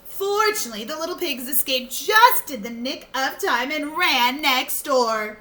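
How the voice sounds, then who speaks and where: A woman reading a storybook aloud to children like a teacher, expressive, and pausing to ask them questions. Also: high-pitched. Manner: expressive, asking the listeners questions.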